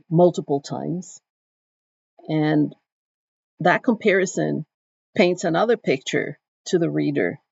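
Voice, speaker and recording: Gravelly-voiced woman explaining literature. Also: deep voice, a little mellow, dry recording. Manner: thoughtful and explanatory, with restarts. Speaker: literature teacher. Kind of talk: recorded literature lecture. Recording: dull dry recording.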